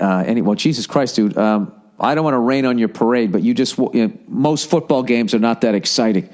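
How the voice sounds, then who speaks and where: A man's voice: fairly low pitch, a little mellow. A middle-aged man hosts a podcast alone, talking in a loose, rambling monologue. He swears constantly and sounds exasperated as he jumps from one thought to the next. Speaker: podcast host. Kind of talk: casual ranting monologue.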